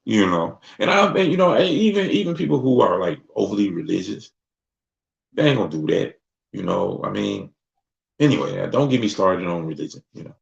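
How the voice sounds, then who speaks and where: A man hosting his own talk show, chatting casually and acting out other people's voices as he goes. His voice is low and heavily gravelly. It comes through a dull, lo-fi recording. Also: wildly swooping pitch, a little fast. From Mississippi. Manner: loose, conversational, acts out voices. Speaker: host. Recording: dull lo-fi sound.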